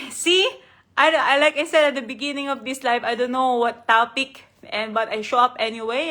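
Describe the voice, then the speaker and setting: A woman's voice: a little high, bright, forceful tone. Earnest woman giving a heartfelt live talk. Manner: heartfelt, earnest, repeats and restarts words. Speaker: life coach hosting a live stream. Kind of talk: unscripted motivational talk.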